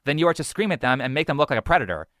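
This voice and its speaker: A man's voice: fairly high pitch, big pitch swings, racing, a bit bright, dry recording, clean studio sound. A man narrating a commentary video in an argumentative, skeptical, lecturing way.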